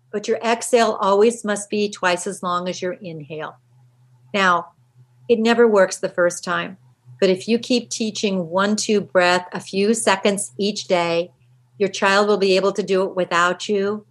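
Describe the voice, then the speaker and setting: A middle-aged woman who writes about parenting answers interview questions with energy, acting out little quotes in lively voices. Her pitch is medium and her pace unhurried.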